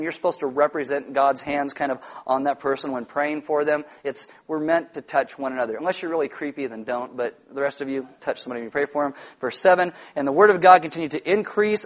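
A man preaching a sermon, animated and jokey, telling stories with loud shouted impressions. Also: a little high. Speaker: pastor.

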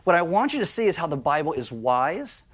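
A man's voice: a little high, big pitch swings, fairly quick. A man preaching a sermon in a conversational style, breaking into acted-out asides. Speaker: pastor.

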